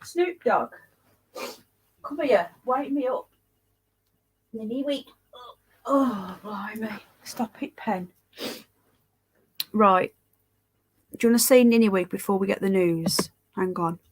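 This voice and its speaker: A woman's voice: mid-range voice, slow, pauses often, slightly rough. A tired, yawning woman hosts a casual livestream, rambling chattily, greeting viewers by name and swearing now and then. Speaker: livestream host reading live chat.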